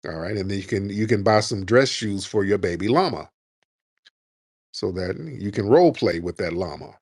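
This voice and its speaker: A man's voice: fairly low pitch, moderate pace, no room sound, studio quality. A man hosting a live call-in chat, mocking and taunting his callers, calling them "sir". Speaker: host.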